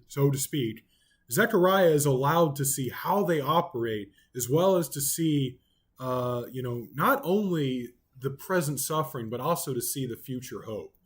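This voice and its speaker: Husky-voiced man teaching Bible study. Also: medium pitch. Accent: Oklahoma. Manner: relaxed and conversational, many ums and you-knows.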